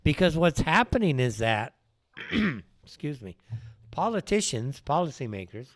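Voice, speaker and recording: A man's voice: fairly high pitch, sing-song, a little slow, dry recording. A man hosting a live political talk show, ranting in an opinionated way and firing off rhetorical questions. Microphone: wears headphones while speaking.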